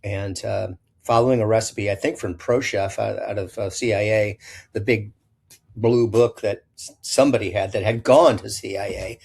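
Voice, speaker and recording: A man's voice: lowish voice, moderate pace, creaky, breathy edge. An older man from Illinois, a chef being interviewed, telling rambling childhood stories with many restarts and quoted voices. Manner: rambling, self-correcting anecdotes with animated quoted voices. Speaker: chef guest. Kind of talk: storytelling interview.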